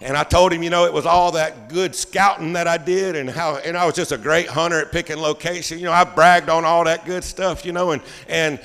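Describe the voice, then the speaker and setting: A man pastor preaching a sermon as a folksy, animated storyteller. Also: on the high side, brisk, hardly any pauses, smooth, big-room sound. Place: church sanctuary.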